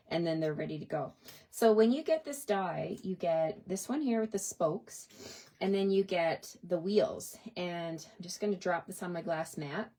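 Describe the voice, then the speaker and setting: Chatty woman with a low voice. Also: a little mellow. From Canada. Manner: chatty, talks to herself while working, laughs often. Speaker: craft demonstrator. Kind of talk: casual craft tutorial, chatting with viewers. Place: home craft desk.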